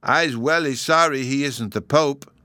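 A man voicing a small, solemn boy who lisps and speaks slowly. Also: medium pitch, sharp tone, dry recording, studio quality, pitched above the performer's own voice. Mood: solemn, childlike. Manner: childish lisp, slow and grave.

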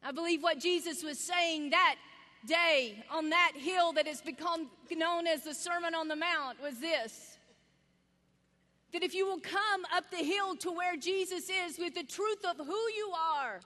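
A woman giving a sermon, telling the story with lively energy and acting out the voices of the people in it. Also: very high-pitched, measured pace. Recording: long reverb of a large hall.

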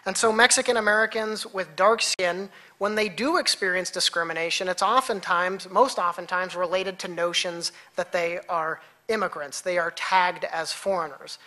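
A woman researcher delivers an academic conference talk in a bright, clear voice at an ordinary middle pitch. She explains her points in a measured, deliberate way and sometimes stops to correct herself before carrying on. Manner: measured, explanatory lecturing with occasional self-corrections.

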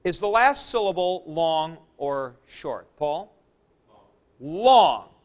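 Guy teaching greek grammar, pretty high voice, takes his time, keeps clearing his throat. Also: sing-song, extremely slow. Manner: asks questions then answers them himself, clears throat often; uses sports comparisons and jokes. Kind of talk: classroom lecture.

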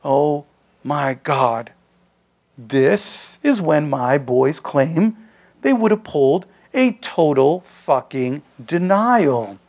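A man reading his own short story aloud, in a conversational, streetwise first-person voice. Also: on the high side.

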